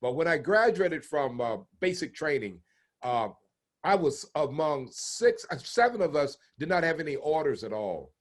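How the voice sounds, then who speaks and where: Older man telling stories, fairly high voice. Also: moderate pace. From United States. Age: 70s. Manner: animated storyteller who acts out the people he quotes. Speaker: interviewee, retired naval officer. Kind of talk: storytelling interview.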